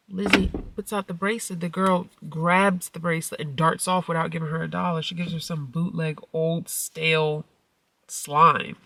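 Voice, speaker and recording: A middle-aged woman vlogging casually to her viewers, telling a family story and acting out the quoted lines with sudden high-pitched outbursts. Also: no echo, far from the mic. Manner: animated storytelling, acts out quotes with big pitch jumps. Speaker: mommy vlogger. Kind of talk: casual vlog talk.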